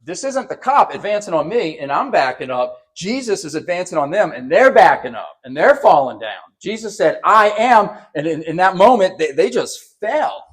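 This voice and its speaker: Male pastor, sermon delivery, slightly high pitch, animated, repeats himself. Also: normal speed, hardly any pauses. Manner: animated preaching, acting out quotes with raised voice; repeats words and restarts.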